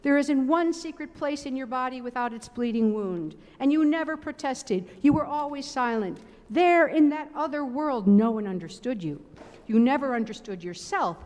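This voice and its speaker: A woman reading aloud and voicing a loving, tender male judge of heaven who speaks gently and earnestly. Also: high voice, animated, normal speed, voice pushed up. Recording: long reverb of a large sanctuary.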